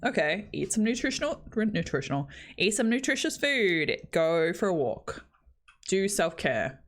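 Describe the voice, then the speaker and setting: A woman's voice: lowish voice, big pitch swings, measured pace. A young Australian woman streaming, chatting casually with her viewers in a self-deprecating way and laughing often.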